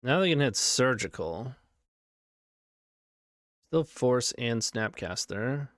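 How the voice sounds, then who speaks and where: A man streams a card game, giving casual running commentary on each play and reacting as it unfolds. His medium-pitched voice is expressive, slow and a bit bright, in a dry, studio-quality recording.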